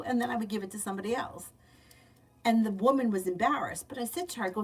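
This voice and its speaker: A tarot reader gives readings on a casual livestream, speaking fast in a slightly high woman's voice. She's chatty and candid and laughs often. The mic sounds distant, with faint background noise.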